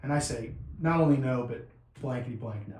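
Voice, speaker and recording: A man in his forties hosting a podcast, telling stories in a lively way and acting out the dialogue. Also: medium pitch, fairly quick. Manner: animated storyteller, acts out dialogue. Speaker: podcast host. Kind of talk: casual conversation. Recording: echoey room with some noise.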